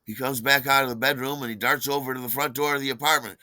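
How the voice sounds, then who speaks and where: A man's voice: medium pitch, fairly even intonation, fast, bright, forceful tone, dry recording. An older man telling a personal story in a wry, conversational way. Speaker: podcast host.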